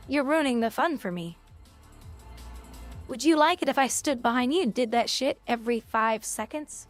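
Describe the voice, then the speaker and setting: A woman's voice: on the high side, lively intonation, moderate pace, soft background music. A woman game streamer talking casually to her chat, bluntly scolding viewers and swearing now and then.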